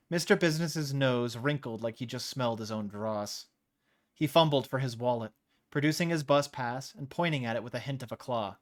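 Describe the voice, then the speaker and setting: A man's voice: mid-range voice, normal speed. Man reading a story aloud on stream. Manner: casual, laughs off slips.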